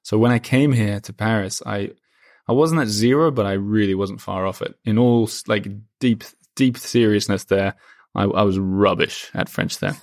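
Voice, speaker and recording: A man's voice: lowish voice, moderate pace, no room sound, studio quality. A young man from Australia, a podcast guest, chatting casually and self-deprecatingly with frequent restarts. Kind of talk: casual interview chat.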